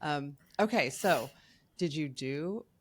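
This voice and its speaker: A woman's voice: low voice, animated, takes it slowly. A woman hosting a podcast interview, asking questions in an encouraging, casual way with plenty of "I mean" and "um". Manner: encouraging, hedging with fillers. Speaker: podcast host.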